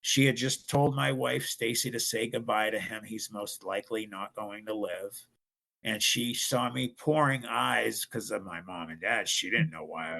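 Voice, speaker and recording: Gravelly, bright-voiced middle-aged man. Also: on the low side. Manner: earnest, emphatic storytelling. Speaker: podcast guest. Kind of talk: telling a personal story.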